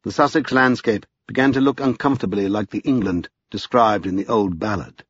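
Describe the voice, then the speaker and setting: A man narrating an audiobook in a measured, expressive storytelling manner. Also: on the low side, slightly rough, no echo. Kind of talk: scripted narration. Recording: slightly dull, dry lo-fi.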